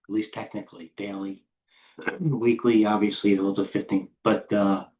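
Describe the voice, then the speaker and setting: A man's voice: lowish voice, little pitch movement, moderate pace, darkish tone. A middle-aged man, a head trader, giving blunt, rambling live commentary on stocks, often breaking off mid-sentence. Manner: blunt, rambling, self-interrupting market talk. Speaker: head trader and market coach. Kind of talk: live trading stream commentary.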